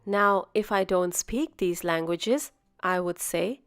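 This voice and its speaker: A woman teaching a beginner language lesson, speaking slowly and carefully and repeating each phrase. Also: on the low side, soft background music. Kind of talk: scripted language lesson narration.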